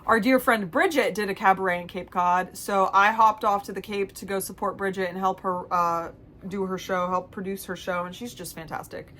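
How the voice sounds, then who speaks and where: A woman's voice: medium pitch, fairly even intonation, normal speed, fairly bright tone, slight background noise. Chatty, self-mocking woman vlogger. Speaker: vlogger and theater producer. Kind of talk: casual storytelling vlog.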